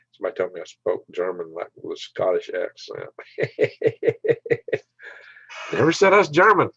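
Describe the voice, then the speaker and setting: A man's voice: sits low, sing-song, a little slow, vocal fry, long pauses, a bit bright, slightly rough, dry recording, lo-fi sound. An older man hosting a casual livestream, rambling and laughing as he answers viewers' comments by name. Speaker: channel host reading live chat.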